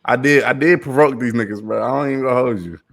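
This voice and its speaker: A man's voice: medium pitch, fast, creaky, a bit bright. A young man co-hosting a podcast in casual chat, telling stories in a boastful, profane, slangy way. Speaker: podcast co-host.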